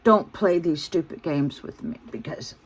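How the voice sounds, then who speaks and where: A woman's voice: lowish voice, unhurried, breathy edge. A woman in her sixties, venting bluntly and ramblingly to her phone camera. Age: 60s. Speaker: vlogger.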